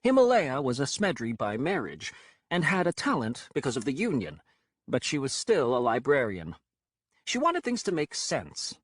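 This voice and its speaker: Guy reading an audiobook, wry and expressive, kinda husky. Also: mid-range voice, normal speed, no echo, clean studio sound. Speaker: audiobook narrator. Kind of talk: scripted narration.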